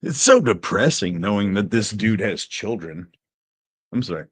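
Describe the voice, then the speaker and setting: A man's voice: on the low side, lively intonation, normal speed, slightly rough. A man with a Texan accent hosting a casual live-stream chat, rambling, laughing often and getting worked up. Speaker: host.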